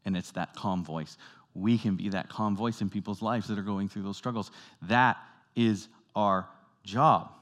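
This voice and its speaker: A man preaching a sermon to his congregation, moving between loud, emphatic lines and quiet, hushed ones, and asking the room questions. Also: fairly low pitch, lively intonation, unhurried. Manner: dynamic, swings from loud emphatic to soft hushed; talks directly to the congregation with questions. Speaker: pastor.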